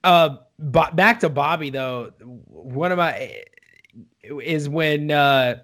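A man with a high, light voice talks in loose, casual podcast chat. He gets worked up fast and swears freely as he recounts favorite scenes. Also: a bit bright. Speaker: podcast co-host.

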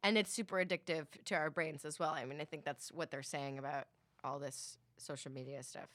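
A woman's voice: sits low, fairly even intonation, fairly quick, a bit bright, dry recording. Woman, thirties, casual chat, rambling, lots of fillers and laughs, dry close mic.

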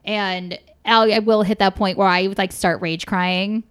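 A woman's voice: mid-range voice, steady tone, a little slow, a bit bright, clean tone. A young woman chatting casually as a podcast guest, frank and swearing freely, with lots of fillers.

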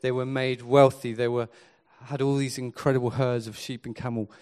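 A man preaching a sermon, earnest and swinging from quiet to emphatic. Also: mid-range voice, flat delivery, moderate pace.

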